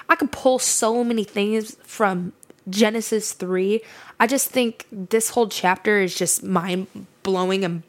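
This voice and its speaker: A woman's voice: mid-range voice, fairly bright tone. A woman hosting a faith podcast in a casual, earnest, emphatic way, often restarting her sentences. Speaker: podcast host.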